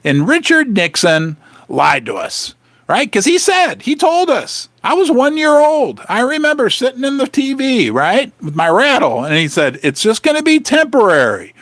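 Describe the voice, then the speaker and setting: A chatty, excitable man in his fifties hosts a casual livestream from his basement. His lively pitch leaps up and down, he rambles and jokes, and the sound is close and dry with no room echo. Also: unhurried. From Saint Louis, Missouri, USA. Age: 50s. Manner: chatty, excitable, joking, rambling with self-interruptions. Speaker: livestream host.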